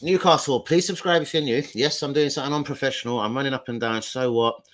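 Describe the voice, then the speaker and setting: A young man ranting live about football to his viewers, loud, sweary and jokey. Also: mid-range voice, fast, low-quality recording. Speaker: football fan livestreamer.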